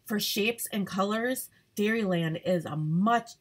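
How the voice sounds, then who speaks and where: A woman's voice: medium pitch, measured pace, close to an everyday voice. A woman voicing a curious zinnia flower in a storybook read-aloud, in her own plain voice.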